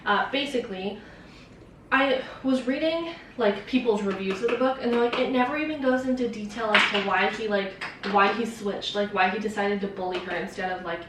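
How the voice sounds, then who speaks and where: A woman's voice: mid-range voice, brisk, noisy background. A young woman vlogger chatting casually about a book, rambling and swearing with lots of fillers. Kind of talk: casual chat. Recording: very echoey room, distant mic.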